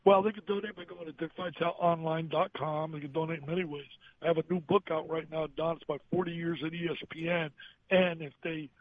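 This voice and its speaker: A fast-talking older man with a fairly high-pitched voice phones in as a guest for emotional storytelling. Animated throughout, he acts out the voices of everyone in his stories, heard over a tinny line with faint hiss.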